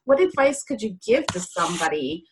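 A woman's voice: mid-range voice, very animated, brisk, slight background noise, rough recording. Woman podcast host asking questions. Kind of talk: interview questions.

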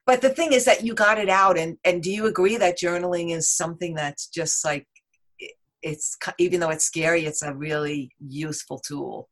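Woman guest, lowish voice, animated and rambling, casual interview talk. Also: moderate pace. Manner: animated, rambling, heavy on "like" and "you know". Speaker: podcast guest.

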